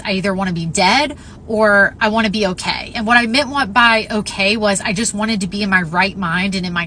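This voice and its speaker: A woman's voice: medium pitch, sharp tone, a little hiss or hum, low-quality recording. A young woman earnestly telling a personal story to her followers, heartfelt and plain-spoken, with fillers. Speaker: vlogger.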